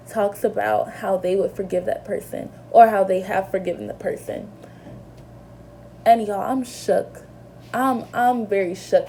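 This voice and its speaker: A woman's voice: medium pitch, vocal fry, mellow, slight background noise. A young woman vlogger telling a personal story in an earnest, emotional way, with lots of fillers and restarts. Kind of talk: casual storytelling to camera.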